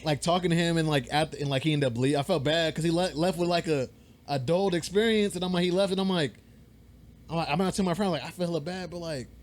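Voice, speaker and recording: A young man co-hosting a podcast, telling a story in a rambling, animated way, swearing freely and acting out the voices of people he quotes. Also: fairly high pitch, fast. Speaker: podcast co-host. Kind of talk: casual storytelling chat. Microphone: podcast mic.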